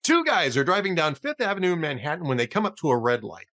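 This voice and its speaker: A man's voice: a little high, very animated, quick pace, sharp tone. A man hosting a casual political talk show, chatty and often laughing at his own jokes. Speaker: podcast host.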